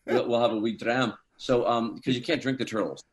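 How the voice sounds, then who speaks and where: A middle-aged man, a guest actor, telling funny behind-the-scenes stories in a casual, animated way and chuckling often. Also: medium pitch, brisk, a little hiss or hum.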